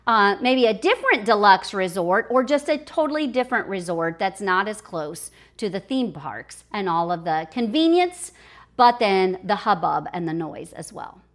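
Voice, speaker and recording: A middle-aged woman talking straight to her viewers in a travel vlog. She sounds enthusiastic and conversational as she passes on tips, and her voice sits at an ordinary middle pitch. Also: animated, moderate pace, a bit bright. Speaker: travel vlogger. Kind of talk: personal travel vlog advice.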